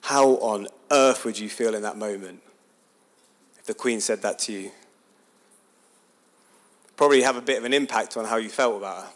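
A man's voice: fairly low pitch, normal speed, pauses often. A man giving a chatty, sermon-style talk, asking his listeners questions as he builds a story. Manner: animated, chatty, asks the audience questions.

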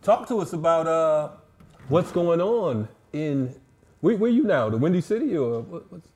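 A man co-hosting a casual talk show with a voice set a little high. He teases his partner and keeps the talk moving with short interjections. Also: very animated, a little mellow, husky. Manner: teasing, quick backchannel interjections. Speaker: co-host. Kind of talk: casual podcast chat.

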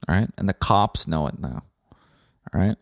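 A man's voice: deep voice, expressive, normal speed, no echo, clean studio sound. A man hosting a podcast, delivering a profane, combative comedic rant. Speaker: podcast host.

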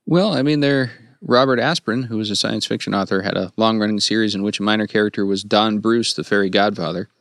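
A man's voice: fairly low pitch, fast talker, creaky, hardly any pauses, fairly bright tone, no room sound, clean studio sound. A man talking through comedy writing in a casual panel discussion, thoughtful and a little academic. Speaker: podcast panelist.

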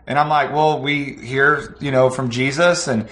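A man telling a church story with animated energy, acting out the people in it and laughing as he goes. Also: mid-range voice, unhurried. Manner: lively, acts out the voices in his story, laughs as he tells it. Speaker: pastor telling a testimony. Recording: echoey room.

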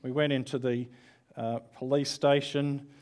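A man's voice: mid-range voice, little pitch movement, measured pace, a little mellow. A man preaching an online church sermon in a conversational, candid way, with self-deprecating asides.

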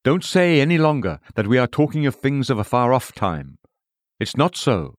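A man's voice: mid-range voice, sing-song, moderate pace, no room sound, clean studio sound. A man reading an old-fashioned sermon aloud in an earnest, pleading manner. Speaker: preacher. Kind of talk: read sermon.

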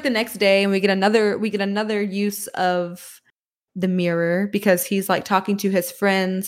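A woman on a podcast panel discussing a film in casual chat, retelling scenes bluntly and swearing freely. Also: mid-range voice.

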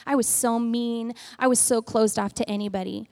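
A blunt, reformed former biker woman, given voice by a woman retelling her story, talking plainly and earnestly about her past. The voice is still high-pitched, only a touch lower than the teller's own. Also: steady tone, normal speed, creaky, a little mellow.

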